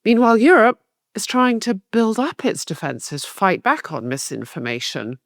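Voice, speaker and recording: A woman's voice: medium pitch, big pitch swings, normal speed, dry recording. A woman with a mid-range voice walks through her points one by one in a methodical, analytical way. She co-hosts a political discussion podcast, recorded dry and close. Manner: structured, analytical, lays out points in order. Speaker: podcast co-host.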